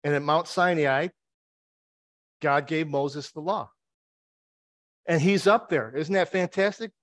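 A man's voice: a little high, slow pace, a bit bright, no echo. A man preaching a conversational sermon. He retells the story with wry asides and rhetorical questions.

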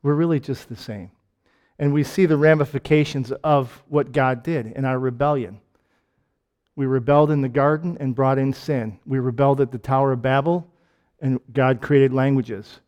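With a medium-pitched, steady voice at normal speed, a man from Michigan, judging by his accent, gives a chatty sermon. He jokes, asks question after rhetorical question, and swings between booming and hushed delivery.

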